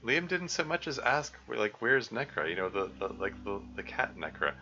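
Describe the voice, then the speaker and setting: Bright-voiced man rambling on stream. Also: on the low side, sing-song, moderate pace, dull audio. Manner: rambling, self-interrupting asides with laughs. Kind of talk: casual live playthrough commentary.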